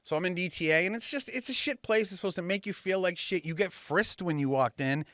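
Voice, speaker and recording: A young man vents in an animated, profanity-laced rant for a casual podcast. His voice sits a little high for a man, and the mic is close and dry. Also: brisk, no room sound. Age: young adult. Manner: profane, heated storytelling. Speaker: podcast co-host. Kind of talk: casual ranting chat.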